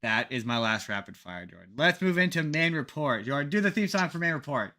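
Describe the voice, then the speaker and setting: Canadian guy on a podcast, bright tense voice, rambly and jokey. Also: a little high, sing-song, brisk. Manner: rambling, jokey, many restarts. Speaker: podcast co-host. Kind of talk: casual podcast chat.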